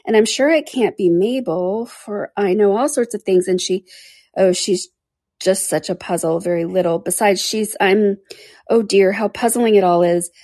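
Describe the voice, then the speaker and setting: A woman's voice: mid-range voice, moderate pace, dark tone, no room sound, clean studio sound, close to an everyday voice. A woman voicing Alice, a curious and flustered little girl who chatters to herself in a storybook reading.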